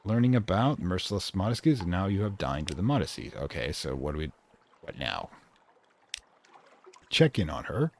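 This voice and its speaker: A man's voice: deep voice, very animated, moderate pace, creaky, long pauses. A man hosting a let's play, casually thinking aloud and reading game text.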